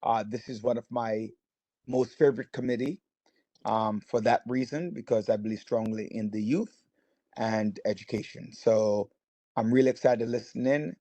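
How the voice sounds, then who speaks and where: A man's voice: medium pitch, normal speed, mellow, no echo. Man chairing a meeting, hesitant and upbeat. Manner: hesitant, filler-heavy, good-humored. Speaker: community board chair. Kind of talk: casual meeting remarks. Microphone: video call mic.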